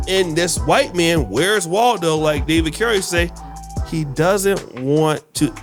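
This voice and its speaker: A man hosting reaction commentary, blunt and rambling as he lectures. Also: fairly high pitch. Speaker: host.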